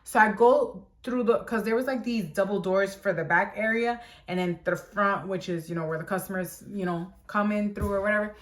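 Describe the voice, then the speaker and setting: A woman's voice: medium pitch, moderate pace, few pauses. A young woman casually telling a story about a job, chatty and exasperated, repeating phrases for emphasis.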